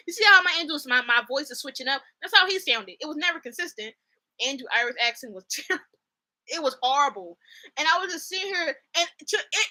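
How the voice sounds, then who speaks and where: Bright, high-voiced young woman vlogger. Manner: animated, laughing, slangy, does mock accents. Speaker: host. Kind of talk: casual commentary vlog.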